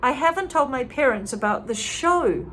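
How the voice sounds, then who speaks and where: A tearful, defensive teenage girl, read aloud by a woman in a storybook reading. She speaks in quick, pleading bursts, higher than the reader's usual voice, with a lively rise and fall. There is a faint hum behind her.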